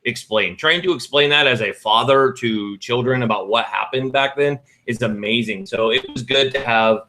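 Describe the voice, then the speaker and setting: Speaking at normal speed in a mid-range voice with a sharp edge, a middle-aged man co-hosts a chat-style podcast. His talk is casual and meandering, full of restarts and corrections, and there's a faint hiss or hum in the audio.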